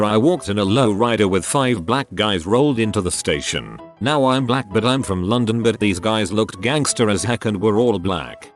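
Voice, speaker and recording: A man reads stories aloud in a steady, scripted manner. His voice sits low but swings widely in pitch from line to line. Faint music plays quietly behind him. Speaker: narrator. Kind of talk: scripted narration of reader stories.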